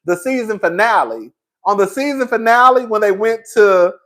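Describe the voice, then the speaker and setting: Sassy man spilling reality tv tea, cussing, cackling, acting out shouted fights, bit tipsy. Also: high voice, expressive, moderate pace. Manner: sassy, profane, laughs often, acts out loud shouted impressions. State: a little tipsy. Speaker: commentary host. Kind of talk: animated reality-TV gossip commentary.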